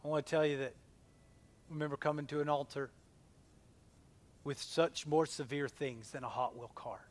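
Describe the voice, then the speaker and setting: A man in his forties preaches with a somewhat high voice. He drives lines hard, then drops to a hushed near-whisper for tender moments. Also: fairly even intonation, moderate pace. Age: 40s. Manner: impassioned, swinging from loud emphasis to a hushed near-whisper. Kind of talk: sermon.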